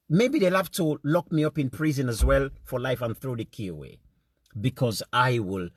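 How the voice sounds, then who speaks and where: A man speaks to other men in a fiery, indignant monologue, his Sierra Leonean accent carrying Krio turns of phrase mixed into English and words repeated for force. The voice is medium-pitched and fairly bright, captured in studio quality with no echo.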